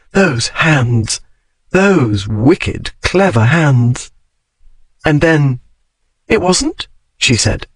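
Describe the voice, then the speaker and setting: A man's voice: mid-range voice, no room sound, poor audio. Man narrating a romance audiobook.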